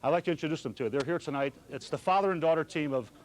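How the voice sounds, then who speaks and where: A man's voice: fairly high pitch, very fast. A man, a restaurant owner hosting a party who tells genial anecdotes to his guests. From Chicago. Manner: genial anecdotal storyteller, addresses the crowd. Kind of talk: speech to party guests and interview answers. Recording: loud party crowd behind. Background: crowd of party guests chatting.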